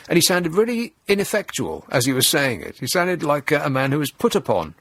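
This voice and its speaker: A man's voice: mid-range voice, big pitch swings, fairly quick, few pauses, fairly bright tone, dry recording. A man hosting a radio talk show, mocking and sarcastic in tone and chuckling at his own jokes. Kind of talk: sardonic talk radio monologue. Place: radio studio.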